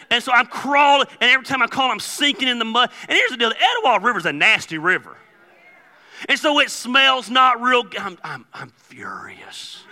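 Animated pastor in a reverberant hall. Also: male voice, very high voice. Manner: joking storyteller, animated with sudden loud outbursts. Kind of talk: sermon. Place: church sanctuary.

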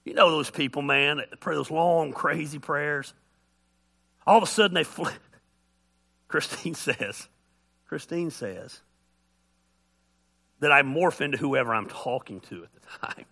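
A man's voice: a little high, moderate pace, gravelly, pauses often. A middle-aged man preaching a folksy, joking sermon as a pastor, acting out voices as he tells stories. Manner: animated storytelling, acts out voices.

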